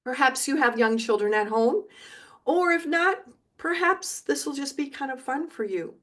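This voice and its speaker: A middle-aged woman teaching a video lesson, encouraging and repeating words slowly for learners, now and then singing along. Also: high voice, expressive. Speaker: Spanish teacher.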